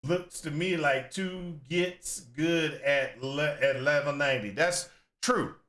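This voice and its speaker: Bright-voiced man venting about a game. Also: fairly high pitch, slow pace. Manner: rambling, exasperated venting about game difficulty; acts out his own past complaints in asides. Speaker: gaming content creator. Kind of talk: casual reaction commentary.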